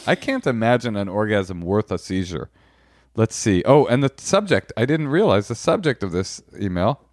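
A man's voice: lowish voice, animated, normal speed, darkish tone, no room sound, studio quality. A man co-hosting a podcast, reading listener emails aloud in a crude, wry, playful way. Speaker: podcast co-host.

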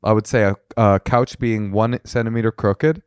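A man's voice: lowish voice, normal speed, smooth, dry recording, clean studio sound. A man in his thirties co-hosting a casual comedic podcast, telling rambling stories with lots of restarts. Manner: animated, rambling storyteller with restarts. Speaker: podcast co-host.

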